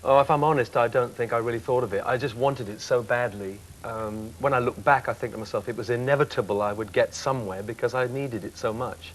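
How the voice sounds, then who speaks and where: A man's voice: medium pitch, a little fast, hardly any pauses, faint music behind, poor audio. A man in his fifties reflecting candidly on his singing career as a talk show guest. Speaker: singer, guest. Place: TV studio.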